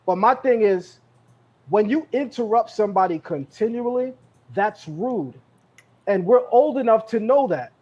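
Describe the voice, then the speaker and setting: A man's voice: sits high, animated, measured pace. Emphatic New man on lo-fi call. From Brooklyn, New York. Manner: emphatic, repeats phrases, confrontational. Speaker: guest speaker. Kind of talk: heated live podcast talk.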